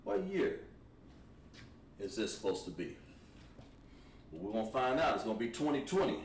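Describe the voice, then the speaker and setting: A man teaching a language class, thinking aloud and pausing while he writes on a board. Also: lowish voice, sing-song. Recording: echoey room, mic at a distance, faint noise.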